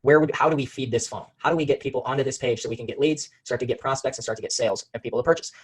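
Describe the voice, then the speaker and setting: A man's voice: mid-range voice, fairly even intonation, racing, slightly rough, low-quality recording. A man teaching a live online marketing webinar. He talks energetically to the chat, reads out viewers' names and often repeats and restarts his phrases. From Phoenix area, USA.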